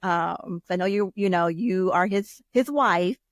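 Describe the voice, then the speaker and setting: Female interviewer, rambling and caring, lowish pitch, dry sound. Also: measured pace, no room sound. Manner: warm-hearted, rambling questions with many fillers. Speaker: podcast host.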